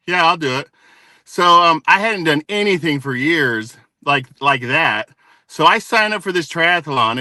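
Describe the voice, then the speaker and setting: A man's voice: on the high side, pushed and bright, dry recording. A man hosting a casual live panel chat, telling stories and teasing his guests. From Tonga. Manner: joking, storytelling, says dude often. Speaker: host.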